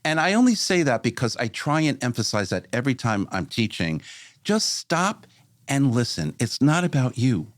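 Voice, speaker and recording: A man hosting a casual interview, earnest and quick to retell what others told him. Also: medium pitch, no room sound, studio quality. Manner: earnest, quotes others in lively voices. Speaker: podcast host.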